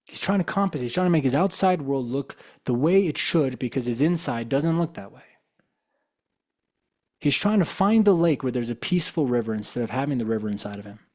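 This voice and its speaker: A man's voice: medium pitch, animated, fairly quick, a little mellow. A man giving a casual spiritual talk as a coach and guest speaker, telling stories conversationally with lots of "you know". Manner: casual, conversational, acts out quoted dialogue; loose and informal, with fillers like "you know". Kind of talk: live motivational talk with storytelling.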